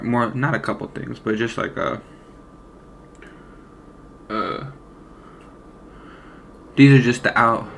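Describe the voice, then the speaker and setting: A young man tells a story from his own life, in loose casual speech. He rambles, swears freely and leans on slang fillers, at an ordinary middle pitch. A faint hum of noise sits under his voice. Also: gravelly, a bit bright. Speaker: former deli worker telling a story.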